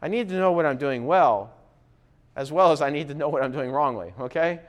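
A man's voice: fairly high pitch, fairly quick. A man teaching a recorded Bible class in a conversational way, often checking in with his listeners. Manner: conversational, frequent "okay?" check-ins.

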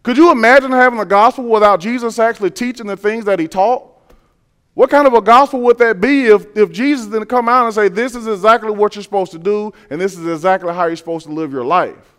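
A man's voice: high-pitched, a little fast, fairly bright tone, smooth. A man preaching a sermon to his congregation, talking emphatically, repeating his phrases and asking rhetorical questions.

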